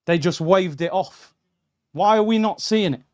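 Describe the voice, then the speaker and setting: A young man's high-pitched, unhurried voice comes through a streaming mic on a muffled recording. He's hosting a live football watchalong, reacting heatedly and talking to viewers as lads and bro.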